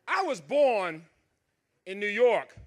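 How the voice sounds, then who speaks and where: A middle-aged man from the States, doing loud, animated stand-up comedy on a cruise ship stage into a handheld mic, laughing at his own jokes. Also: sits high, takes it slowly. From Southern United States.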